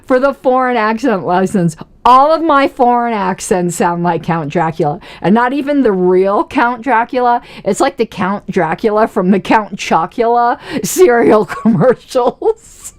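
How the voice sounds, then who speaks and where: A woman's voice: mid-range voice, lively intonation, normal speed, darkish tone. Chatty, laughing woman streamer. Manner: chatty, laughs often, self-mocking. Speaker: political commentary livestream host. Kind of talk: casual livestream commentary.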